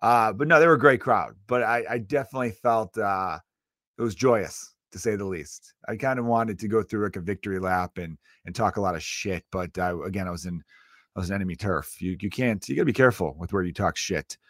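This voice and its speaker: A man's voice: on the low side, a little fast, no room sound. Profane ranting man, dry sound. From Chicago area. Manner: profane, animated ranting with frequent asides. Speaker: podcast host, comedian. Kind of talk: casual ranting monologue.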